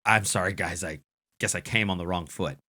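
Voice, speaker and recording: A man voicing a sheepish male clown who mumbles hesitant apologies in a lowered voice. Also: a little fast, sharp tone, no room sound, clean studio sound.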